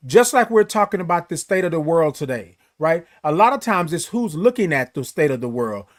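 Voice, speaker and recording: A man hosting a casual morning live stream, greeting viewers by name with long, drawn-out, sing-song good mornings and talking in a relaxed, encouraging way. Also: on the high side. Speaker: host.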